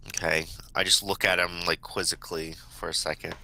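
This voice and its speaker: A man's voice: low-pitched, level tone, brisk, gravelly, bright, forceful tone, poor audio. A man playing a tabletop game, offhand and blunt about his character's moves. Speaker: player.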